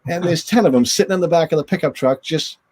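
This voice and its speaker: Rambling former goalie telling stories. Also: male voice, on the high side, quick pace, slight background noise. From northern United States. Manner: rambling, animated storyteller acting out voices. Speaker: interview guest, former goaltender. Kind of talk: casual storytelling.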